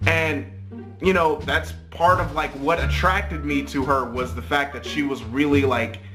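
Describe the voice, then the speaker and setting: A high-voiced man telling a casual story to the camera. His talk rambles and swears, full of filler and checking tags, with faint music under it. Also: fairly even intonation, a little slow. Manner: profane, rambling, many "like" and "right?" tags. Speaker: vlogger.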